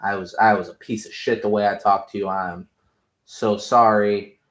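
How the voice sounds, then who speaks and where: A man voicing a gruff, remorseful vigilante who speaks haltingly and apologetically, in a roomy room. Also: lowish voice, fairly even intonation, a bit bright, close to an everyday voice. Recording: roomy echo.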